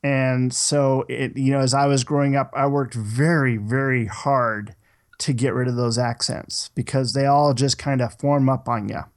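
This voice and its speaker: A man's voice: mid-range voice, steady tone, measured pace. A man from Minnesota and the Boston area, co-hosting a podcast in casual, rambling chat with frequent restarts. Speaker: podcast co-host.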